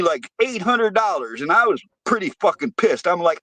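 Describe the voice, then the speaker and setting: A man with a slightly high voice tells a story in casual, heavily profane talk, and his anger builds into a rant. He sounds close to the mic in a dry space. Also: expressive, normal speed, hardly any pauses, a bit bright, no room sound.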